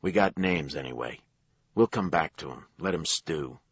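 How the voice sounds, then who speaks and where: Menacing male detective, voiced by a man, deep and husky, dull dry recording. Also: animated, moderate pace, no room sound, full character voice. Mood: blunt. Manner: blunt, threatening. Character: hard-edged male detective, blunt and menacing. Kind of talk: audiobook character voice.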